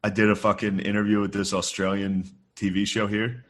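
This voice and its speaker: Podcast co-host, man, thirties, low voice, loose profane storyteller, casual comedy chat. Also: flat delivery, fairly quick, a bit bright.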